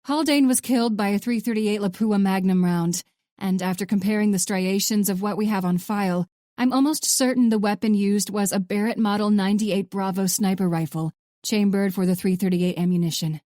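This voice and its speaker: A woman's voice: medium pitch, fairly even intonation, brisk, mellow, no echo, clean studio sound, close to an everyday voice. A woman voicing a chatty, wisecracking female ballistics expert. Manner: joking, chatty.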